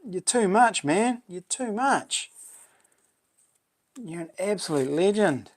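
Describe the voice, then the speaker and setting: A man hosting a casual livestream chat, laughing often and reacting excitedly to viewers. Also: high-pitched, takes it slowly. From New Zealand. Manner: chatty, laughs often, exclaims. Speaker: livestream host.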